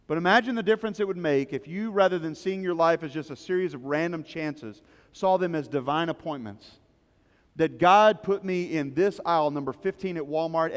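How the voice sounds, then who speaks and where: A man's voice: a little high, long reverb tail. A male pastor preaching a sermon, emphatic and repetitive, telling stories to make his points. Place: church service in a large rented hall.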